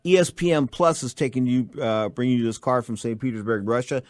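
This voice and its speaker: A man hosting a radio talk show, telling rambling, animated stories to his co-host and listeners. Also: medium pitch, a little fast, dry recording, studio quality.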